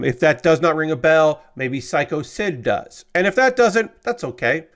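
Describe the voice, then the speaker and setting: Man, livestream host, casual chat, lots of ums and uhs, smooth resonant voice, slightly high. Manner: halting, heavy on filler words.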